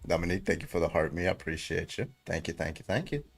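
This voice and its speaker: A man's voice: sits low, expressive, fast talker. A man hosting a livestream debate, chatting casually, laid-back, swearing and chuckling.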